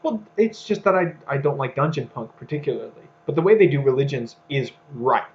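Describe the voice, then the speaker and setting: A man's voice: mid-range voice, animated, brisk, highs cut off, slight background noise. A man co-hosting a casual podcast discussion, thinking aloud with many fillers and restarts. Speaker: podcast co-host.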